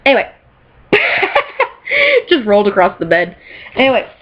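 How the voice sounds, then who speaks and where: A woman vlogger chatting casually and excitedly about things she bought, rambling and giggling, recorded in a bedroom. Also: medium pitch, a little slow. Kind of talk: casual chat showing off purchases. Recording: slightly dull lo-fi sound.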